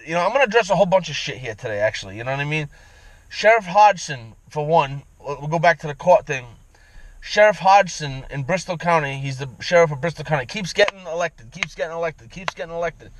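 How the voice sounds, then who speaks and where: A man's voice: fairly high pitch, a bit bright, no echo, rough recording. A man ranting in a profane, rambling vlog monologue from inside his vehicle, repeating himself as he goes. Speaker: vlogger.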